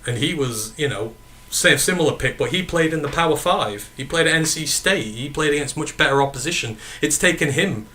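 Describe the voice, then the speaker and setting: Chatty northern English man, bright voice. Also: a little high, animated, fairly quick, hardly any pauses. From northern England. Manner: rambling, self-correcting, answers chat questions. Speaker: podcast host. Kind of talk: casual sports chat reading live comments.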